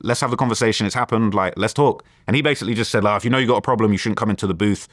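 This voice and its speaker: A man with a London accent, an interview guest, retelling a tense encounter in a rambling, animated way. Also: lowish voice, racing, no echo, clean studio sound. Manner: rambling, animated retelling with quoted back-and-forth. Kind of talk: casual storytelling interview.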